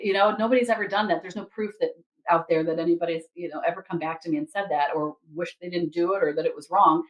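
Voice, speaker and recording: Woman, slightly low pitch, casual storytelling, animated quoting, spiritual reader. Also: rough recording. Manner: animated, quotes others and herself in lively asides. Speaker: Akashic Records reader.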